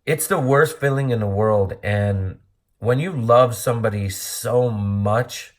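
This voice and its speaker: A middle-aged man from Montana speaks in a fairly low voice. His talk is earnest and rambling. He is blunt and drops the odd curse as he thinks out loud in a personal monologue. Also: slow. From Montana, USA. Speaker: vlogger.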